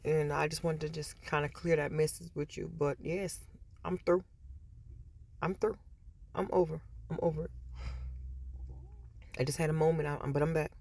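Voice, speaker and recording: A woman with a low, darkish voice talks at a moderate pace with a level tone, pausing often. She's a vlogger chatting casually with her viewers in a store, repeating words and retelling stories with quoted voices.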